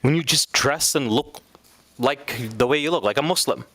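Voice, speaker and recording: A man's voice: medium pitch, moderate pace, fairly bright tone. A man teaching an Islamic studies class in a casual, conversational way, now and then acting out quoted speakers.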